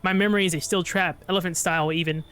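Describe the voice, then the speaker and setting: A man voicing a bitter male survivor who pleads at a door, reading the dialogue aloud in his own bright, smooth voice. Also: high voice, fairly even intonation, fast. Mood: pleading.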